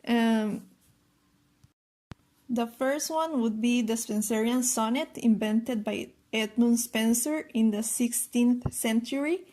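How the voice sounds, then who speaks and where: Female presenter, methodical lesson delivery, slightly high, unhurried. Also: mellow. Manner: careful, methodical, reads out rhyme schemes letter by letter. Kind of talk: explaining poetry lesson.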